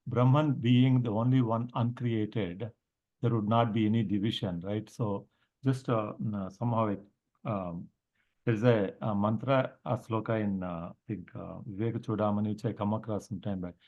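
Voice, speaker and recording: Male student, lower voice, hesitant question, dull lo-fi sound. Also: steady tone, normal speed, darkish tone. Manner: hesitant, many fillers. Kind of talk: asking a question in class.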